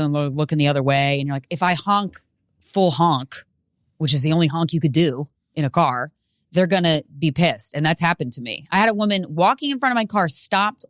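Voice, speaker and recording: Low-voiced woman doing a comic monologue. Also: no echo, clean studio sound. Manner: profane, rambling, animated with sudden shouted bits. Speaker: podcast host and stand-up comedian. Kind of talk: solo comedic monologue.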